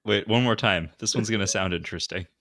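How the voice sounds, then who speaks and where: A man's voice: on the low side, fast, fairly bright tone. A man co-hosting a podcast in casual, offhand banter, chuckling as he talks. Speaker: podcast co-host.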